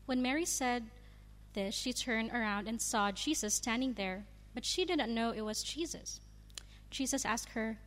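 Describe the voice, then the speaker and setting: A woman with a fairly high voice reads scripture aloud, careful and measured. Her words ring out with a long hall reverb. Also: a bit bright. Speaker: scripture reader. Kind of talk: reading a Bible passage aloud.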